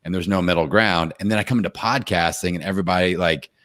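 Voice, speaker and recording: A man hosting a podcast interview, talking in a relaxed, affirming and conversational way. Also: deep voice, quick pace. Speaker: podcast host. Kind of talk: casual interview chat.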